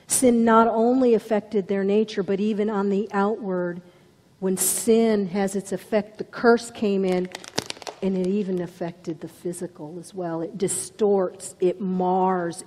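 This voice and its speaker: A woman's voice: mid-range voice, steady tone, takes it slowly, dark tone, in a large hall. A woman preaching a sermon with dramatic storytelling, dropping to whispers for emphasis. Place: church.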